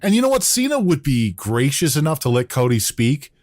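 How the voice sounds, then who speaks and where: A man's voice: a little high, big pitch swings, brisk, no echo, clean studio sound. A man hosting a wrestling podcast, reading the live chat aloud and breaking down promo clips. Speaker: podcast host.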